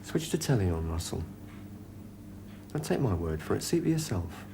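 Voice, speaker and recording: A tough, steady police sergeant. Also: male voice, on the low side, normal speed, gravelly, slight background noise. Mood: firm. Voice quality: firm, coaxing, calm. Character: tough steady middle-aged male police sergeant negotiating. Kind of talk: television police drama acting.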